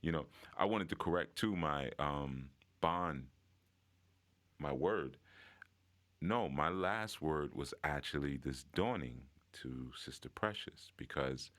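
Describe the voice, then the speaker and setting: Man, extremely low voice, casual group-call sharing, reflective, filler-heavy. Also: a bit bright. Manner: reflective, conversational, many fillers and restarts. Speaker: participant in online group call. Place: online audio room.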